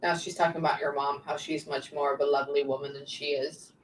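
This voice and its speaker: A woman working as a psychic medium, relaying messages in quick bursts and often pausing to say "hang on" during a live reading session. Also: low voice, flat delivery. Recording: echoey room, distant mic, faint background noise.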